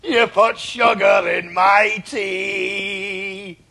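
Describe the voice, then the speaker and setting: Man putting on a Scottish ballad singer, mock-anguished, loud, high, drawn-out. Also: little pitch movement, gravelly, soft background music, full character voice. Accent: put-on Scottish. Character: heartbroken man singing a dramatic ballad in a put-on Scottish accent.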